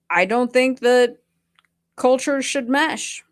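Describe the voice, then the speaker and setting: A woman's voice: medium pitch, unhurried. A woman hosting a casual reaction commentary, talking bluntly and defiantly with plenty of swearing. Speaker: host.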